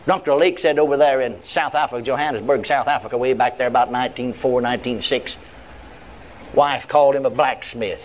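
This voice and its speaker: A male preacher delivers an animated sermon with emphatic storytelling. He acts out both sides of a conversation, and his somewhat high voice leaps upward on key words. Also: a little hiss or hum.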